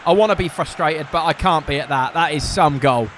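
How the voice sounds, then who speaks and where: A man's voice: a little high, brisk, a bit bright. Man, gaming commentary, casual, frank, swears when annoyed, faint background noise. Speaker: gaming content creator. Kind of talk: casual live gameplay commentary.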